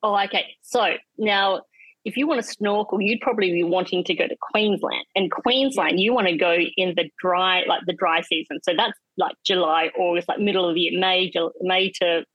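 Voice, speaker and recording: A woman's voice: fairly low pitch, fairly bright tone, no room sound, rough recording. Rambling Australian woman on a dry line. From South Australia. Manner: rambling, restarts thoughts, laughs easily. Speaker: guest. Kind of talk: casual chat.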